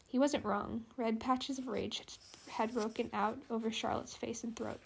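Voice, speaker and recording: Gravelly woman reading an audiobook. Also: fairly high pitch, level tone, normal speed, few pauses. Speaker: audiobook narrator. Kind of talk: scripted narration.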